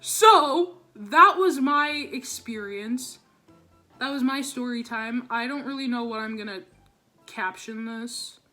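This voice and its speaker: High, bright teen girl ranting. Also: takes it slowly, faint music behind. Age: teens. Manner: profane, ranting, heavy "like" fillers. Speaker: vlogger. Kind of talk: storytime vlog.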